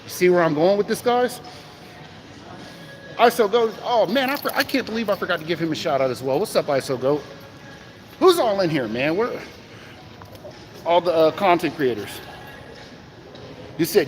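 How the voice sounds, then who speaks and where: A man's voice: on the high side, brisk, pauses often. Guy on a phone livestream hyping to chat, lots of swoops in his voice, faint hiss. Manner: animated, talks to chat viewers, asks rhetorical questions. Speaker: crypto livestream host. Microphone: phone in hand. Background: keys jangling.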